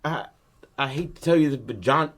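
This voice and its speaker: A man's voice: medium pitch, moderate pace, a bit bright, pitched above the performer's own voice, lightly acted. A man voicing an anxious young son who stammers out guilty apologies to his father.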